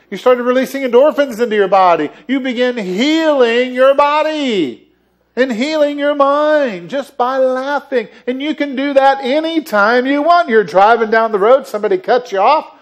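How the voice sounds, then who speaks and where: A man's voice: very high voice, moderate pace. A man giving a sermon as the church's minister, playful and jokey, often chuckling as he talks to the congregation. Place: church sanctuary.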